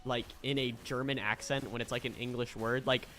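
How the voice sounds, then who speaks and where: A man's voice: mid-range voice, flat delivery, fairly quick, bright, forceful tone. A young man from Florida, chatting casually on a stream, swearing a lot and laughing often. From Florida, USA.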